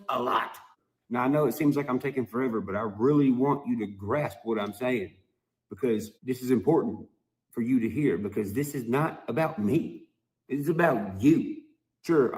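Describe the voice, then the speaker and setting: A man ranting to his video audience in a heated, profane monologue full of emphatic, drawn-out phrases. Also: mid-range voice. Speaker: musician vlogger.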